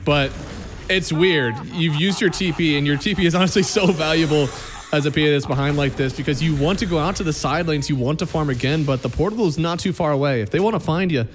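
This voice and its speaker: Man, esports play-by-play caster, slightly high voice, excitable, faint music behind. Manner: quick, excitable play-by-play, relaxed analysis between fights. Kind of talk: live esports play-by-play commentary.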